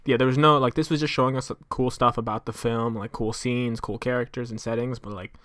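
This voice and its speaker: A man's voice: mid-range voice, steady tone, a little fast, a bit bright, no room sound, studio quality. Young man rambling through a story. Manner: rambling storyteller, full of fillers, laughs while telling. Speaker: podcast co-host. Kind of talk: casual podcast chat.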